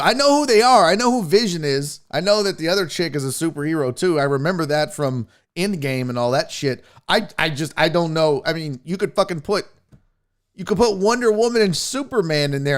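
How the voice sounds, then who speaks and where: Guy hosting a podcast from home, swears a lot, rambles, kinda high voice that bounces all over. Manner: rambling, profane, animated, acts out silly voices. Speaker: sports podcast host. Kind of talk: casual live-stream chat. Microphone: podcast mixer setup.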